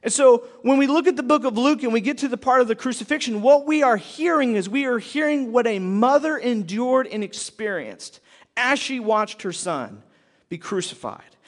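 A male pastor delivering a sermon in a strikingly high voice. He tells the story with emphatic, dramatic delivery, dropping to near hushes and then pressing louder. A long reverb from a large hall trails his words.

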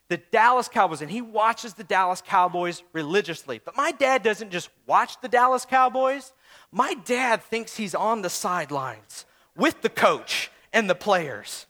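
A young man preaching a sermon as a pastor, animated and acting out quoted voices, swinging from calm talk to shouting. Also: high-pitched. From St. Louis area, USA.

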